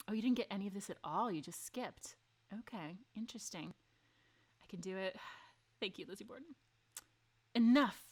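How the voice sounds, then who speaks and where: Excitable woman streaming a story game. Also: mid-range voice, normal speed, pauses often, breathy edge. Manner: excitable, gasping, laughing and swearing between read lines; chatty with viewers. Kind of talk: live game stream, reading the story aloud.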